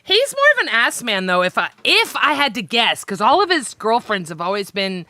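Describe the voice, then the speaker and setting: Woman, stream host, casual profane chat, bright sharp tone, fairly high pitch. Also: sing-song, dry recording. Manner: profane, chatty, quick swings between loud and soft. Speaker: livestream host.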